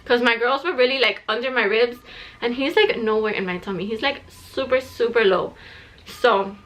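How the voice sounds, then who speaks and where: Bright-voiced breathless young mother. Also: fairly high pitch, normal speed. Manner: chatty, filled with "like" and restarts. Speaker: vlogger sharing a pregnancy update. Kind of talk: casual chat to camera.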